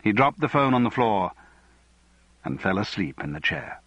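A man reading a novel aloud as audiobook narrator, measured and even. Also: on the low side, dry recording, dull audio. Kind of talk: scripted narration.

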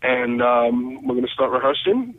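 A male guitarist guest telling stories over the phone, acting out quoted conversations with lively energy. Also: medium pitch, normal speed, no room sound. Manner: animated, acts out quoted conversations. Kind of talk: phone interview storytelling. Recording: tinny phone line.

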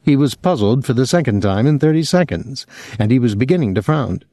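A male audiobook narrator telling the story in an even, measured way. His pitch moves in a lively way and his tone is dark and mellow. The recording is dry and close. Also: no echo.

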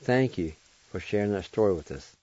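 A man hosting a radio show, reading a story aloud in a calm, measured way and thanking the person who shared it. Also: lowish voice. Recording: dull lo-fi radio sound.

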